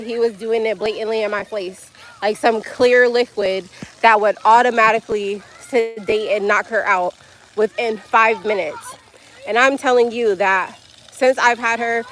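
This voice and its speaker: A woman's voice: a little high, a bit bright, slight background noise, poor audio. A woman livestreaming outdoors at a splash pad, telling a frank, emotional story, swearing freely and breaking off to talk to her child. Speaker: livestreamer mother.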